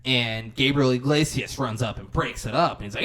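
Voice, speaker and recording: A man's voice: mid-range voice, fairly quick, hardly any pauses, a bit bright. A man co-hosting a podcast, retelling a film's scenes in casual chat and acting out the characters' lines with lots of swearing. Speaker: podcast co-host. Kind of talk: casual movie recap chat.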